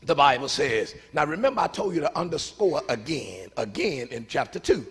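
A man preaches in a church sanctuary with a husky, gravelly voice that sits fairly high and swoops wildly in pitch. He calls out to the congregation, pushes some lines to a shout and pulls others down to a near hush. A long reverb hangs behind his words. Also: moderate pace. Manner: animated, swings from shouts to hushed asides. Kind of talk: call-and-response sermon.

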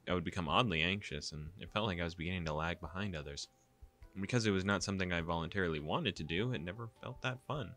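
Young man reading a game aloud, low and bright. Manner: casual, exasperated asides. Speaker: gaming YouTuber. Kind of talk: reading a visual novel aloud with commentary.

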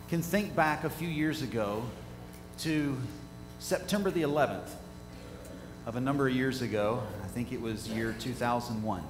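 A male pastor preaching a sermon, asking his congregation rhetorical questions and swinging from quiet to loud. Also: fairly high pitch. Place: church sanctuary. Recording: echoey church hall, faint hum.

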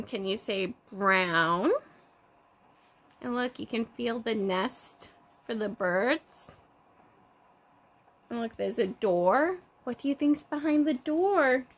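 A young woman teaching toddlers, reading a picture book aloud in a slow, sing-song way with gasps of surprise. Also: a little high, fairly bright tone.

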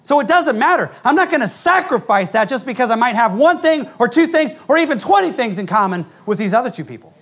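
A man's voice: very high-pitched, big pitch swings, fast, hardly any pauses, fairly bright tone. An American man, a pastor, preaching a sermon in church in a blunt, emphatic, conversational way, with frequent asides to the congregation. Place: church sanctuary before a congregation.

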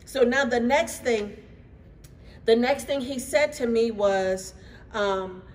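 A woman pastor preaching a fervent sermon, dropping at times into soft prayer. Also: fairly high pitch, slow. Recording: distant mic with faint room noise.

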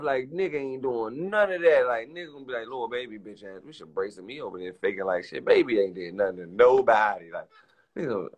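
On the low side and creaky, this young man's voice carries a casual, profane, emphatic rant on his live stream. He acts out lines from other people with fast, exaggerated impressions.

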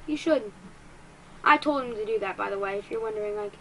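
A woman giving excitable let's-play commentary as a gaming YouTuber, quick to get frustrated and poking fun at herself. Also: mid-range voice, a little hiss or hum, low-quality recording.

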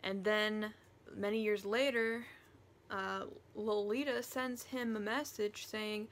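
Chatty woman reviewing books, unhurried. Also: medium pitch. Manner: animated, chatty, slips into whispers. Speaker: book reviewer. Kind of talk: casual book review vlog.

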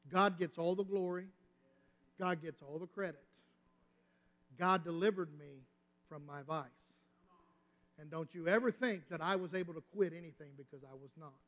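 A man's voice: on the high side, moderate pace, long pauses, fairly bright tone. A man preaching a sermon as pastor, telling a personal story with rising and falling intensity. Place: church sanctuary. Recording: reverberant church hall.

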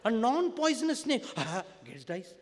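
A man with an Indian English accent giving a storytelling discourse to students, swinging between loud emphasis and hushed tones. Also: very high-pitched, very animated, unhurried, slight background noise. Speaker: spiritual teacher. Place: large university auditorium. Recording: long auditorium reverb.

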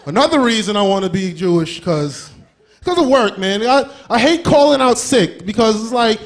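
On a comedy club stage, a high-pitched man performs a crude, animated stand-up set, slipping into quick character voices.

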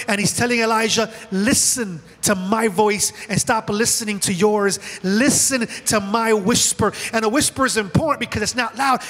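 Bright high-voiced man preaching in a hall. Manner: animated preaching, voicing God and Elijah in quoted lines. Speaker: pastor. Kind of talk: sermon. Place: church auditorium. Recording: large hall with long reverb.

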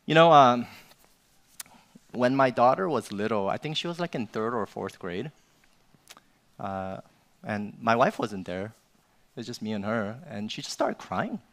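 A man's voice: medium pitch, big pitch swings, unhurried, pauses often, a bit bright. A male pastor preaching a sermon in an informal, conversational way, often tagging his sentences with "you know" and "right?".

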